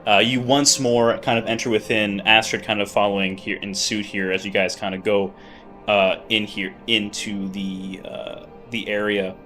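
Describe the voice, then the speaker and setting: Bright-voiced game master man. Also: on the low side, flat delivery, moderate pace, faint music behind. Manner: loose, filler-heavy narration. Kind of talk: narrating a tabletop game.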